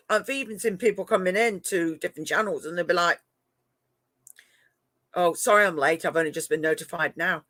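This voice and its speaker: With a medium-pitched, fairly bright voice and no echo, a middle-aged English live-stream host and moderator chats to viewers, laughs a lot and talks to pet cats. The accent combines northern and southern English.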